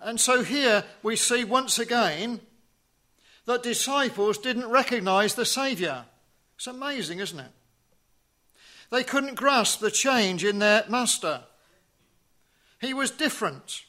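Male preacher, slow and deliberate sermon with a light, bright tone and rhetorical questions. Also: very high voice, lively intonation. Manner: measured, rhetorical questions, drops to a hush on key phrases.

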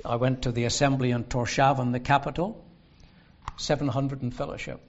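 A man preaching a sermon in a gospel hall, earnest and emphatic, slowing down to stress the scripture he quotes. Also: medium pitch, little pitch movement. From Northern Ireland. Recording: dull lo-fi sermon recording.

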